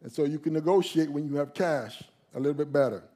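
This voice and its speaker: A male pastor preaching a sermon, emphatic, slowing down and leaning on key phrases. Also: a little high, dark tone.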